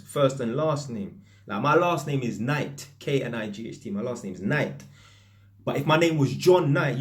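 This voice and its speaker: A man with a medium-pitched voice and a British accent rich in London street slang tells stories to camera. He's an electrician, and his delivery is casual, lively, and anecdotal.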